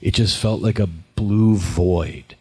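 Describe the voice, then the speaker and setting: A middle-aged man answering fan questions at a convention panel, chatty and animated, acting out quotes as he tells stories. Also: deep voice, slow pace, husky. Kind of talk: casual storytelling Q&A.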